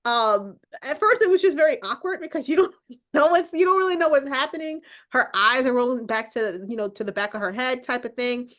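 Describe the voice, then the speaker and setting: A woman's voice: sits high, animated, brisk, a bit bright. A woman guest in a casual movie review chat, talking animatedly and laughing as she speaks. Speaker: podcast guest.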